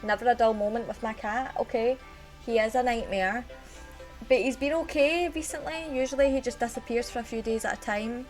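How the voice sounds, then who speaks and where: A woman's voice: on the high side, a little fast, faint music behind. Chatty Scottish woman streaming live. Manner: chatty, rambling storyteller greeting chat viewers. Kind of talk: casual live-stream chat.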